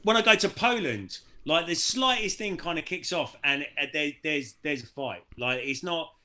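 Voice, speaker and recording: A man's voice: fairly high pitch, animated, normal speed, crowd noise. A man joking around in casual podcast banter as a co-host. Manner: jokey, laughing banter. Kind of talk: casual chat.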